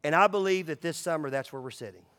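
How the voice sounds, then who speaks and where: A pastor with a high-pitched voice preaches to his church, casual and conversational, dropping into near-hushed lows and then surging back loud and emphatic. His voice rings out with a long reverb tail, as in a big sanctuary. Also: fast talker, soft background music. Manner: swings between loud emphatic runs and hushed low drops. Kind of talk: sermon.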